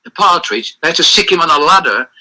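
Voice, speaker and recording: An older man with a bright, cutting tone and a pitch a little above most men's. He tells rambling stories in an animated way, often stopping to restart a sentence. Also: quick pace, slight background noise, poor audio. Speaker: interview guest. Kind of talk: reminiscing interview over a call.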